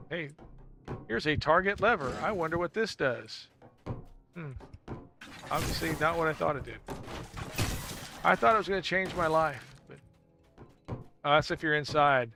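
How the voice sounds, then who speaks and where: A man streaming a video game, chatting casually and jokily with viewers, thanking them and breaking into laughs and sudden loud exclamations. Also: fairly high pitch, gravelly. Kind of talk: casual live-stream chat while gaming.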